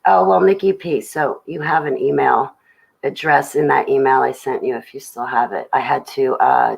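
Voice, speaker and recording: Woman, young adult, low voice, heavy vocal fry, casual rambling livestream chat. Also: a little hiss or hum, rough recording. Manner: rambling, chatty, greets viewers in chat. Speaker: livestream host.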